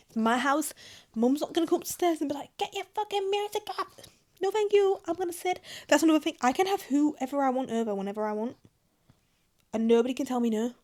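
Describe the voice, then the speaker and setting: A young woman in her twenties talks straight to the camera in a loose, rambling vlog. Her voice sits a little on the high side, and she jumps from one aside to the next with lively, chatty energy. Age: 20s. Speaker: vlogger. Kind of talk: casual chat to camera.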